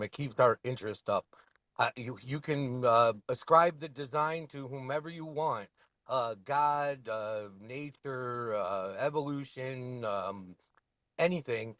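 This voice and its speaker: A man's voice: medium pitch, a bit bright, dry recording. A man calling in to a casual chat, rambling and using many fillers. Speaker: caller.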